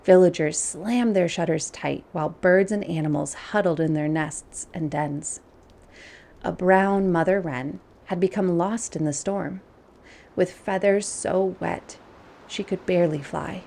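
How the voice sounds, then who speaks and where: Slow, gravelly woman reading a storybook. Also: fairly low pitch. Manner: gentle, unhurried read-aloud with soft hushed passages.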